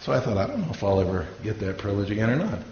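Racing and very animated, this man preaches with a lowish, darkish voice, telling stories and voicing the characters he quotes. He's a pastor, captured in an echoey space on dull, lo-fi audio with a faint hiss.

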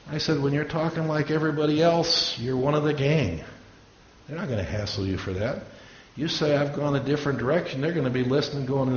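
Expressive and fairly quick, this mid-range male voice belongs to a pastor telling stories during a sermon and acting out the people he quotes. It's recorded in an echoey room, sounding dull and lo-fi with faint hiss.

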